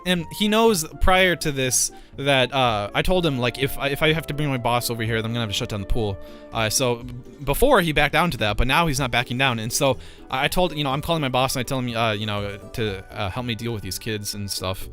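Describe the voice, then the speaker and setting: A young male vlogger with a bright, forceful, mid-range voice rattles through a rambling storytime rant at a brisk clip, tripping on fillers and cursing in frustration. Quiet music plays softly underneath.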